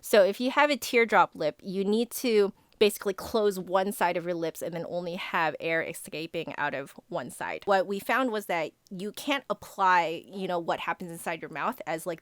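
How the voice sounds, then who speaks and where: A woman flute teacher talks through viewer questions in a casual Q&A. Her voice sits on the low side, and her explanations are relaxed and loose, full of "kind of". The sound is dry and close, with no room echo.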